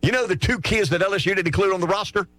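A man's voice: high-pitched, rapid-fire, a bit bright, no room sound, faint music behind. A man arguing opinions on a sports talk show, firing off rhetorical questions and answering them himself.

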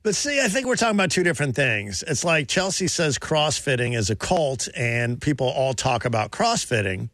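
A man hosting a radio talk show, chatting in an opinionated, animated way. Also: mid-range voice, normal speed, few pauses, no echo.

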